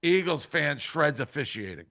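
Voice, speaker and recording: Brash host guy mocking a team, gravelly and kinda high. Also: very animated, moderate pace, bright, forceful tone. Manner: brash, sarcastic commentary. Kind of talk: sports talk show.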